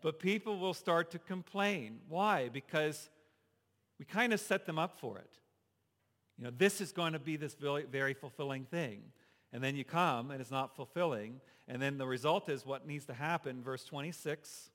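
A man's voice: a little high, moderate pace, a bit bright, in a large hall. Preaching man. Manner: conversational preaching with rhetorical questions. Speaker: pastor. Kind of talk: sermon.

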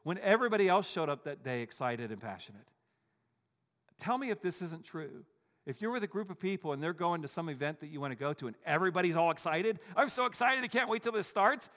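A pastor preaches with a fairly high voice, pressing his points through repetition and rhetorical questions. The long reverb of a large church sanctuary trails after each phrase. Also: animated, fast. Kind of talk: sermon.

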